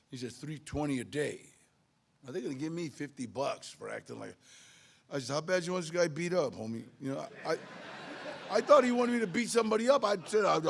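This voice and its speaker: Gravelly man sharing his recovery story at a meeting, streetwise and animated in the dialogue. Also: medium pitch. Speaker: AA speaker.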